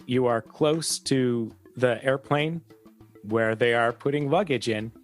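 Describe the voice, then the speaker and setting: A man's voice: medium pitch, soft background music. A man running a tabletop game as game master, describing scenes with frequent hesitations. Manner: descriptive, halting with fillers.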